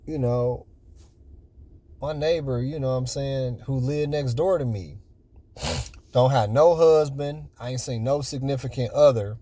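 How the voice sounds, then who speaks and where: A man's voice: medium pitch, unhurried, long pauses, warm tone. A man in his forties telling everyday stories in a casual, rambling way, packed with "you know" fillers. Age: 40s. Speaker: vlogger. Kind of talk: casual storytelling.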